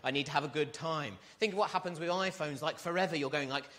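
Man, preacher, sermon, chatty, questioning, slightly high voice. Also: quick pace, a bit bright. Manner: conversational, asks the congregation questions.

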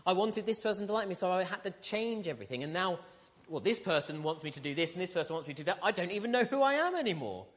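Man, preacher, sermon, chatty, questioning, slightly high voice. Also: very animated, fast talker, fairly bright tone. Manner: conversational, asks the congregation questions.

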